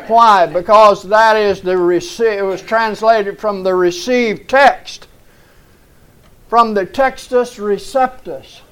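A male preacher delivering a sermon with a high, clear, resonant voice. He takes his time, leaning hard on each phrase and rising to loud, fervent peaks. Small chuckles slip into his preaching. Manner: slow, emphatic preaching that rises and shouts at climaxes, with chuckles.

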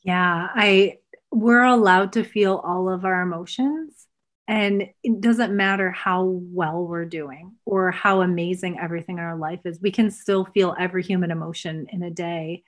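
A woman's voice: lowish voice, fairly even intonation, moderate pace. A woman in casual conversation who speaks earnestly and reflectively about emotions and inner truth. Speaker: guest, former coach.

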